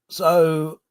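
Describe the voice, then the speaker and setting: His voice is on the high side and creaky, recorded with no echo. He's a Buckinghamshire livestream host enjoying a drink on a casual stream, reading viewer comments out loud, joking, laughing, swearing freely and drawing out repeated agreements.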